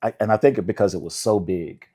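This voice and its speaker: Low-voiced older man telling stories. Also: brisk, dark tone, slightly rough. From Indianapolis, USA. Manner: laughing, acts out quoted voices. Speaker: songwriter guest. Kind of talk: relaxed storytelling interview.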